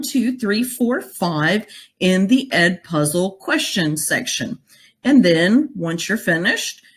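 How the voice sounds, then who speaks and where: A woman teacher with a Southern US accent, narrating a recorded lesson and carefully spelling out example phrases. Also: on the low side. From Southern United States.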